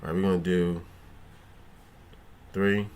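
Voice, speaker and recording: A man's voice: sits low, level tone, slow pace, darkish tone, slight background noise. A man hosting a casual gaming livestream, joking and cursing as he thinks aloud and talks back to his chat. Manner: thinks aloud, trailing restarts.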